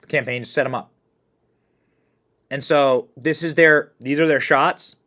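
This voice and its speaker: A man hosting a political commentary show, reacting to clips in a mocking, animated way. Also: mid-range voice, unhurried. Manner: mocking, animated, laughs often.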